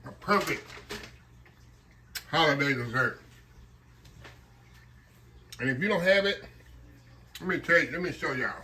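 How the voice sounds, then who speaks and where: A man's voice: fairly high pitch, expressive, unhurried, long pauses, pushed and bright. A man hosting a casual home cooking vlog, folksy and chatty, calling his viewers y'all. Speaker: cooking vlogger.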